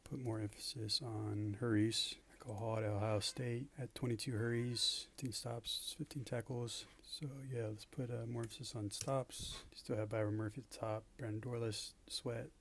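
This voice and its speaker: A man casually walking through football draft statistics, listing numbers in a flat way with frequent fillers. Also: medium pitch, moderate pace, vocal fry, few pauses, slight background noise. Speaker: draft analyst. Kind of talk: casual stats breakdown.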